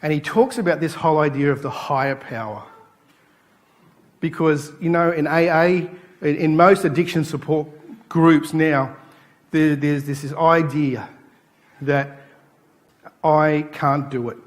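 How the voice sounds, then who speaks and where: A man's voice: on the high side, unhurried, long pauses. A man preaching a sermon in a church, telling stories and acting out the people in them. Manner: animated storytelling, acting out quoted voices. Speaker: pastor.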